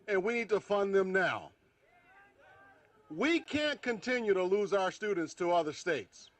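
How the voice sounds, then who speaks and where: Man, rally speaker, high voice, bright, slow deliberate delivery, shouted chants, outdoors. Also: rough recording. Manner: leads chants, shouts call-and-response. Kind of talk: rally speech. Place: outdoor rally on capitol grounds.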